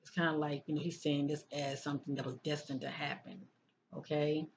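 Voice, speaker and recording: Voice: medium pitch, flat delivery, fairly quick. Tarot reader who keeps asking "okay?". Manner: keeps checking in with "okay?" and repeats phrases. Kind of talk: casual tarot card reading. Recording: dull lo-fi sound with faint noise.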